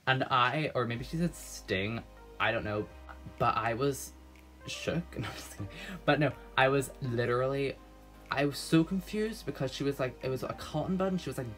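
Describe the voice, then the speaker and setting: A young man rambles through a personal story for his vlog, nervous and full of fillers and false starts. His pitch sits in an ordinary middle range. Faint music runs quietly behind him. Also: expressive, normal speed. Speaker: vlogger telling a story. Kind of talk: casual storytime monologue. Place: at home.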